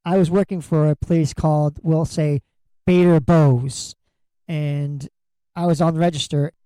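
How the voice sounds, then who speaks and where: A middle-aged man rambles through funny stories for his podcast, cursing freely and acting out every quote. His voice is mellow and warm, and it sits dry and close with no room sound. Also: on the high side, steady tone, measured pace, clear, resonant tone, dry recording, low-quality recording. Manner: crude, jokey, swears freely, acts out quotes. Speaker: podcast host. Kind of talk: comedic storytelling monologue.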